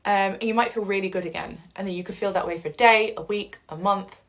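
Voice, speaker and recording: A woman's voice: medium pitch, quick pace, poor audio. Woman, mid-range voice; earnest, reassuring casual talk that slips into acting out inner voices. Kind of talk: casual talk to camera about coping with change.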